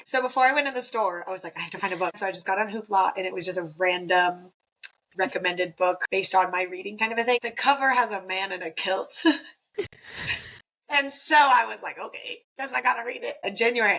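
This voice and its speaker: A woman's voice: mid-range voice, a bit bright, a little hiss or hum, low-quality recording. A woman co-hosting a book podcast, chatting in a playful, casual way with many fillers. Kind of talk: casual chat.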